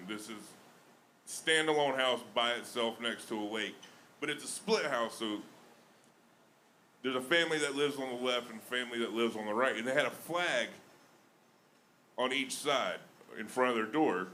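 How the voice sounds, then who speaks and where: A young man from Alabama doing stand-up in his own Alabama accent, talking into a handheld mic on a club stage. He chats and mocks himself, his voice bright and mid-pitched. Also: a little hiss or hum. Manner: self-mocking, chatty with laughs in the flow. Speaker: stand-up comedian. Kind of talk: stand-up comedy set.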